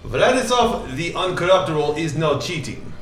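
A man's voice: a little high, very animated, normal speed, a bit bright, echoey room, soft background music, pitched above the performer's own voice. A man voicing a small, fancy-dressed male tiefling gambler who speaks in a haughty, formal way. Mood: indignant.

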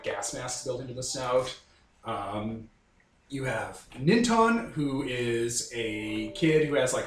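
A man narrating as game master of a tabletop game, loose and chatty, laughing often. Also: medium pitch. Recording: roomy recording, faint hiss.

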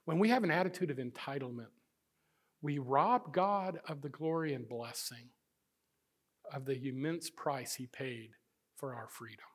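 A middle-aged man preaching a sermon as pastor, swinging between loud emphasis and hushed, intimate passages. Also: medium pitch, a little slow, slightly rough.

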